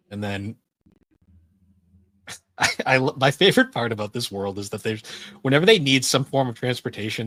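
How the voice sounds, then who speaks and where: A man's voice: on the low side, fairly bright tone, no echo. A man co-hosting a podcast in casual chat, rambling with many fillers and frequent laughs. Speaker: podcast co-host.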